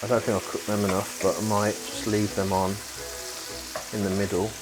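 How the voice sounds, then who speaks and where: A man's voice: lowish voice, flat delivery, moderate pace, poor audio. A young man, chatting casually and rambling as he cooks in his home kitchen, swearing now and then. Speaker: vlogger. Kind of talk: casual cooking vlog. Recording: music playing behind. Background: frying sizzle and music.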